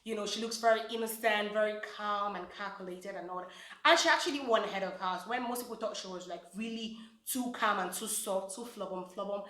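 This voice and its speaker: A woman's voice: mid-range voice, brisk, sharp tone, reverberant. A woman, gossiping casually about reality show contestants, with lots of fillers. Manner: chatty, gossipy, many fillers. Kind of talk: casual chat.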